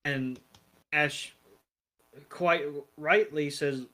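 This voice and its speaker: A man's voice: on the high side, takes it slowly, bright, forceful tone. A man co-hosting a podcast, casually retelling a cartoon episode, laughing and swearing as he goes. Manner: casual and profane, laughs while retelling scenes. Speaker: podcast co-host. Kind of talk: casual comedic episode recap.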